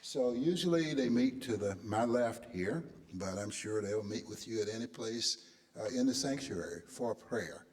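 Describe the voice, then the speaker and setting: A man leading a church service, making announcements in a relaxed, chatty way with frequent fillers. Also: mid-range voice, moderate pace. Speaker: service leader. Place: large church sanctuary. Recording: long church reverb.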